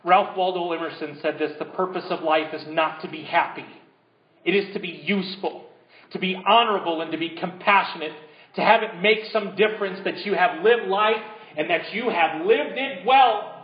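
Man preaching, high voice, emphatic build-ups, echoey church, dull recording. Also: normal speed. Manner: drops to a hushed voice leading a congregation. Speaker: pastor. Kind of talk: sermon. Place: church sanctuary.

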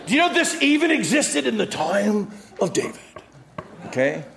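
A middle-aged man preaching a sermon, acting out quotes and swinging from loud calls to hushed, quiet passages. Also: sits high, big pitch swings, normal speed, vocal fry. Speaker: pastor.

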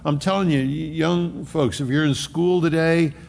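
A male pastor preaching a sermon. He swings between emphatic, rising outbursts and hushed, low asides. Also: fairly even intonation, normal speed, vocal fry. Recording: long reverb of a large hall.

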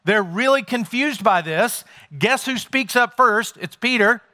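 A man's voice: very high-pitched, animated, a little slow, pushed and bright. A man preaching a sermon as pastor to a congregation in a church, talking in a conversational way and joking with his listeners.

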